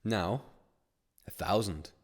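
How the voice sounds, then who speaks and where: Lowish-voiced guy coaching a webinar, rambly, lots of like, acts stuff out. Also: takes it slowly, husky. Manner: rambling, filler-heavy, acts out little scenarios. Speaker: webinar host and money-mindset coach. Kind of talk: casual webinar teaching.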